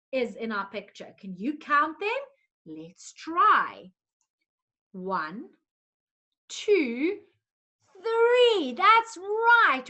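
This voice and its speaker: A woman's voice: very high-pitched, sharp tone. A woman teaching a lesson to young children in a coaxing, sing-song way, making animal sounds along the way.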